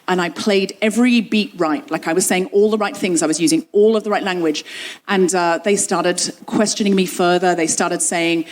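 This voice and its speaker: A woman's voice: fairly low pitch, normal speed, long pauses. A woman hosting a comedy show, telling a personal story on stage and acting out the dialogue. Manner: lively, quoting dialogue with her own voice. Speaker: comedy podcast host.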